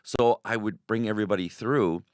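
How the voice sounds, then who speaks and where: Casting: low-pitched man, haunted house owner, excitable storyteller, dry studio sound. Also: a little fast, no room sound. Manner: excitable, acts out quoted voices. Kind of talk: animated radio interview storytelling.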